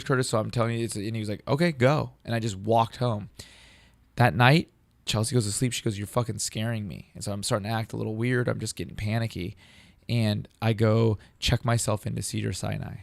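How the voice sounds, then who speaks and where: Gravelly man telling a story. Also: on the low side, dry recording. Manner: animated, profane, acts out quoted dialogue. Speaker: comedian guest. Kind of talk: casual storytelling.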